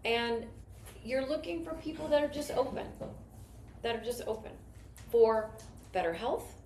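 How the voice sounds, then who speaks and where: A woman's voice: on the high side, measured pace, a little mellow. A woman leading a network marketing team, telling stories in an enthusiastic, rambling motivational talk. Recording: roomy echo with faint noise.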